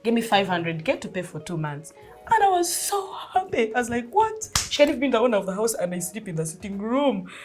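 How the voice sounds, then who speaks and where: Faint music sits behind a woman in her thirties telling a personal story in Ugandan-accented English, animated and casual, with lots of laughter and acted-out dialogue. Her voice is fairly high-pitched and quick-paced.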